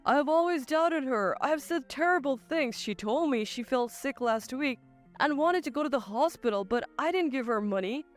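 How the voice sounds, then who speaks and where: A woman's voice: sits high, animated, moderate pace, faint music behind. A woman voicing a stammering, guilt-stricken retired father in a storybook drama. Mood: remorseful. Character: remorseful retired father, older man.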